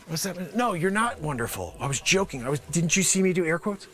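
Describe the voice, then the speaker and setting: A man hosts a live improv comedy show, riffing as an over-the-top pitchman in a high, wildly swooping voice. His delivery is rambling and sarcastic, jumping from shouted bursts to low mutters. The tone is bright and edgy. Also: lively intonation, fast talker. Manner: manic, rambling, sarcastic, swings between loud outbursts and mutters. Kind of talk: improvised comedy bit, pitching a product to investors.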